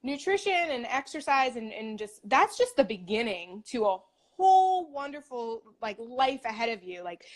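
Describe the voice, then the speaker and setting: A young woman in her twenties, a dietitian, talking about her path in a casual, upbeat interview, with lots of "like" fillers. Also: a little high. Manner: chatty, upbeat, many "like" fillers.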